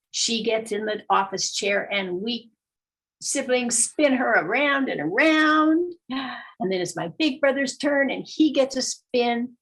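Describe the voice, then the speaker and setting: An older woman with a husky, breathy voice tells a personal story to a live group. She speaks slowly and leaves room between phrases, then breaks into sudden high exclamations. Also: poor audio. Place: storytelling gathering.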